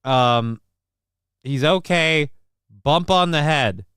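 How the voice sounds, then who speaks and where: Male stream host, loose and profane, very smooth tone, dry recording. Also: fairly high pitch, slow pace, a bit bright, no room sound. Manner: joking, loose and profane, with lots of ums and uhs. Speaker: livestream show host. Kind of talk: casual livestream chat, reading the chat aloud.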